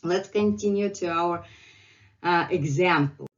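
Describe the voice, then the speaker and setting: A woman's voice: on the low side, unhurried. A middle-aged woman with a Russian accent teaching a language lesson, patiently repeating words for learners, recorded with dull lo-fi sound.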